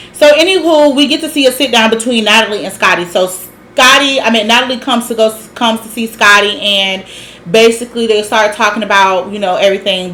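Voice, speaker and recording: A woman's voice: a little high, fairly bright tone, slight background noise. A woman recapping a reality TV episode in a sassy, gossipy, profane way, with laughs and side comments. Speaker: reality show recap host.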